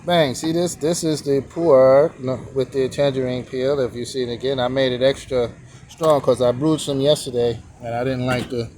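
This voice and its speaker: A man's voice: medium pitch, steady tone, normal speed, darkish tone, slight background noise. A man running a sidewalk tea stand, casually teaching characters in a rambling vlog and counting strokes aloud. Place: outdoor sidewalk stand by a street.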